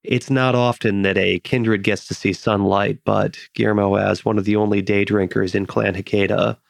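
A man narrating a tabletop game as game master, in a relaxed, descriptive way. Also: on the low side, moderate pace, vocal fry, dry recording, clean studio sound. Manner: relaxed, descriptive, laughs easily.

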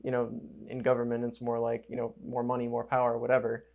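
Young male podcast guest, relaxed, self-deprecating, loose filler-heavy delivery. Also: mid-range voice, quick pace, gravelly, narrow, tinny audio. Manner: laid-back and self-mocking, swears, hedges with "like". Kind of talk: casual chat.

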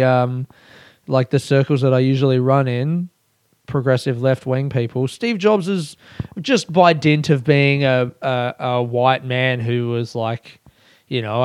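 A young man, a comedian, rambling through a casual podcast monologue, swearing a lot and breaking into loud rants. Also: a little high, clean tone, no room sound, studio quality. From Australia. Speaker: stand-up comedian.

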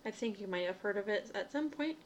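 A woman's voice: medium pitch, expressive, fairly quick, highs cut off, slight background noise. A young adult woman, hosting a witchcraft show, reads entries aloud from reference books in a casual way, stumbling now and then and adding asides. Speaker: witchcraft podcaster.

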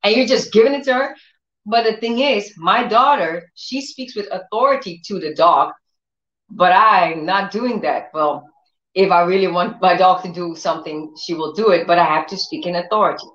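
A woman giving an informal sermon, telling lively stories and acting out what people say in other voices. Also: on the low side, moderate pace. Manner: animated storyteller who acts out quotes in other voices. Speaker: preacher. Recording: roomy, dull lo-fi sound.

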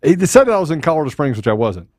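A man co-hosting a podcast, talking loud and upbeat and laughing often. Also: fairly high pitch, very animated, very fast, no room sound, studio quality. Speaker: podcast co-host. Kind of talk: casual chat.

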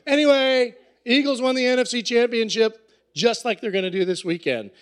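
A man telling a comic story on stage, animated and profane, acting out the people in it. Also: very high voice, normal speed, smooth.

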